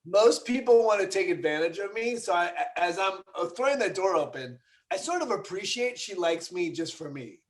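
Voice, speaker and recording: High-voiced joking man player. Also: expressive, moderate pace, few pauses. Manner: joking, rambling, playful. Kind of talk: casual tabletop play.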